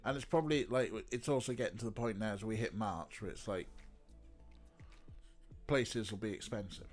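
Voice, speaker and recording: A man's voice: lowish voice, normal speed, faint music behind. A man with a stuffy, snotty nose, chatting casually on a live stream, teasing and cooing at his pet between remarks to his chat.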